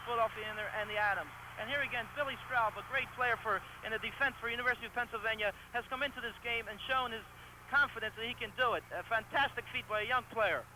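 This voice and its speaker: A man's voice: very high voice, background noise. A man giving enthusiastic, partisan color commentary on a live soccer match, on an old broadcast recording. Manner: enthusiastic, partisan, quick analysis.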